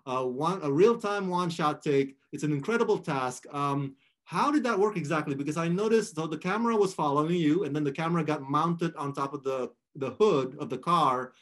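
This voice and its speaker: A man's voice: a little high, moderate pace, a bit bright. A man hosting a casual interview, asking enthusiastic questions. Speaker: interviewer, host.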